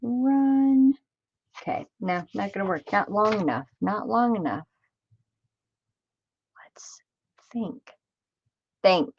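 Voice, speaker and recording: A woman's voice: medium pitch, lively intonation, moderate pace, husky, highs cut off. A woman chatting casually on a crafting livestream, talking to herself as she works and greeting viewers by name.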